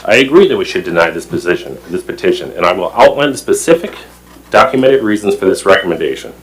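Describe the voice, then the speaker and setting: A man's voice: low voice, sing-song, fast talker, slightly rough, low-quality recording. A man on a town plan commission reading a prepared statement at a public meeting, formal and emphatic, stumbling over words now and then.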